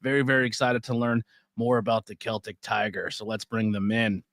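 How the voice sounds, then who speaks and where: A man's voice: fairly low pitch, steady tone, fairly quick, fairly bright tone, no room sound, studio quality. An American man hosting a podcast interview, chatting casually and often repeating his words as he gets going. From United States. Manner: stammering, repeats words, friendly. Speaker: podcast host.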